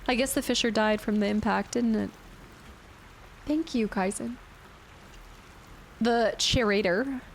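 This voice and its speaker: A woman's voice: fairly high pitch, a little hiss or hum. A woman streaming a game in a chatty, playful way, thinking aloud and thanking viewers from chat. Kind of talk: casual gameplay commentary.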